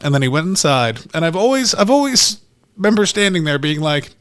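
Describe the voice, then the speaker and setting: Male comedian, podcast co-host, lively storyteller, voice a bit higher than usual. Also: quick pace, a little hiss or hum. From Canada. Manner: animated storyteller who acts out quotes.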